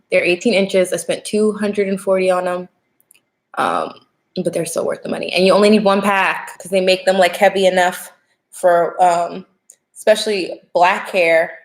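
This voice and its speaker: A young woman with a lowish voice hosts a casual tarot live stream, chatting away, greeting viewers by name and laughing often.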